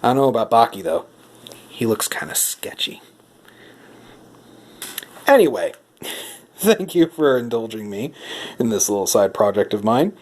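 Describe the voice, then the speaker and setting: A man's voice: on the low side, animated, measured pace, pauses often, a little mellow. A man giving a mock-serious comedic vlog monologue while he leafs through rulebooks. He plays at outrage and puts questions to a silent companion. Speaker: vlogger.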